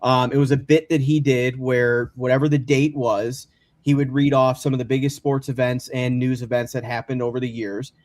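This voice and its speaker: A man's voice: mid-range voice, level tone, moderate pace, darkish tone. A man from the area, a podcast guest chatting casually and telling stories with frequent restarts and laughs. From Chicago area, USA.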